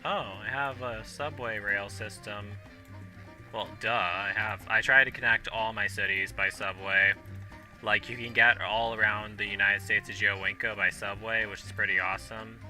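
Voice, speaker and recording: A young man in his twenties talks loosely and chattily as he plays, restarting sentences and filling gaps with ums. His voice is bright and forward, a little low in pitch, and he hiccups now and then. Faint game music plays underneath. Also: fairly even intonation, normal speed. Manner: rambling, chatty, many fillers and restarts. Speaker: gaming video host. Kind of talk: casual rambling commentary while playing.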